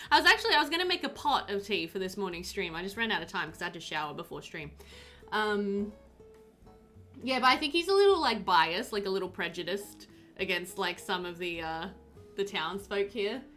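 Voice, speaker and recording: A woman's voice: mid-range voice, sing-song, moderate pace, pushed and bright, soft background music. Chatty giggly woman streaming a game. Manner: chatty and giggly, reading sim bios aloud and answering chat. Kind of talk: casual live-stream chat while playing.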